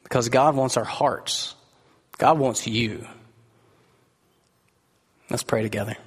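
A man's voice: mid-range voice, takes it slowly, breathy edge. A man preaching a sermon to a live congregation in an earnest, conversational way, asking his listeners direct questions. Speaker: pastor. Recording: echoey hall reverb.

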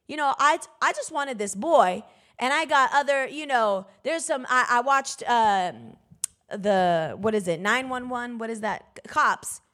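A woman preacher giving an emphatic sermon, breaking into bursts of loud exhortation. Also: fairly high pitch, lively intonation, unhurried.

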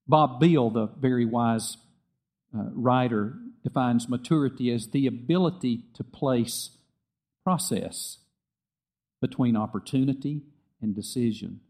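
A middle-aged man preaching a sermon, earnest and repetitive, dropping soft and quiet when he tells a story. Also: medium pitch. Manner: earnest, repeats phrases, drops soft for quoted dialogue. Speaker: pastor.

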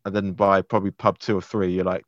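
Laid-back guy from london chatting, lowish voice, dry muffled sound. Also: level tone, fast talker, no echo. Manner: laughs easily, chatty, many fillers. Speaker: guest. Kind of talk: casual chat.

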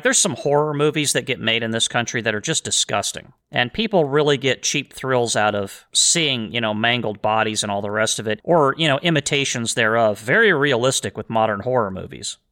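Impassioned man with a bright voice. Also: medium pitch. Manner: impassioned, rambling with frequent restarts. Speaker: podcast host. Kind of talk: solo podcast monologue.

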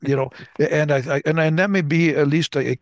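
A man's voice: on the high side, fairly even intonation, brisk, no room sound, muffled recording. An older man co-hosting a podcast, casually telling stories and acting out the dialogue. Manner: anecdotal, acts out dialogue. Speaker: podcast co-host. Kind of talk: casual conversation, storytelling.

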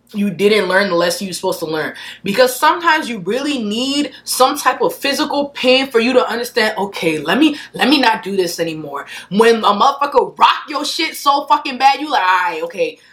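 Young woman solo podcaster, bright edge, swings from sharp outbursts to quiet mutters, very blunt. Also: mid-range voice. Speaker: podcast host. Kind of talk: unscripted solo podcast rant.

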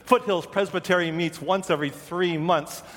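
A man's voice: high voice, steady tone, moderate pace, a bit bright, long reverb tail. A man preaching a sermon, telling stories and acting out the voices of the people he quotes. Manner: storytelling, acts out quoted voices. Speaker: pastor.

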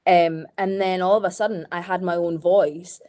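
A woman's voice: fairly low pitch, fairly even intonation, moderate pace, darkish tone. A Scottish woman, a podcast guest in casual chat, telling stories frankly with lots of swearing and "like". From Scotland.

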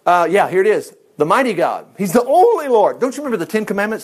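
A man's voice: high voice, quick pace, hardly any pauses, husky. A man leading an informal Bible study, folksy and chuckling as he talks. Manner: folksy, animated, chuckles often. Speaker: Bible teacher.

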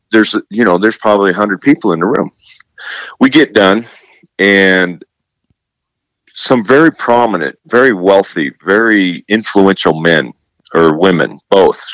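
Lively storytelling man, deep, dry. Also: no room sound, low-quality recording. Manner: animated storyteller who acts out quoted dialogue; repeats words and restarts. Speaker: guest, television presenter. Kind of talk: casual faith interview.

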